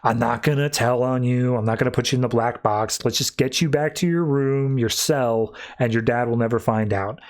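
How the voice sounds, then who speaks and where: A man voicing a gentle woman sculptor who speaks kindly to a child. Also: mid-range voice, normal speed, hardly any pauses, lightly acted.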